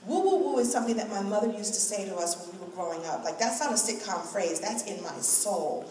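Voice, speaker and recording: A middle-aged woman speaking to an event crowd, telling a personal story in an animated way and acting out the voices she quotes. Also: mid-range voice, a little fast. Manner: expressive, acts out quoted voices, laughs often. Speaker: guest speaker at a hair event. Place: large event room. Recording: echoey hall from far off.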